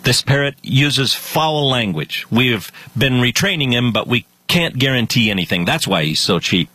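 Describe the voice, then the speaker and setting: A man's voice: mid-range voice, animated, normal speed, pushed and bright, breathy edge, dry recording. A man doing a plain pet store clerk. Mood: explaining. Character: male pet store clerk, matter-of-fact.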